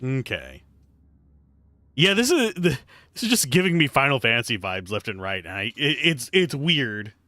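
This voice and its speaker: A man rambles wryly through casual gameplay commentary with a lively, bouncing pitch. His voice is bright and forward. It sits dry on a close desk mic, with faint game music behind. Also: moderate pace, no room sound. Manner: wry, rambling. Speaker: streamer.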